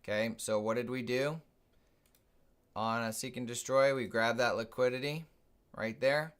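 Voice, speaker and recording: A man's voice: mid-range voice, steady tone, unhurried, smooth. A man hosting a live trading stream, casually thinking aloud and explaining his moves as he watches the charts.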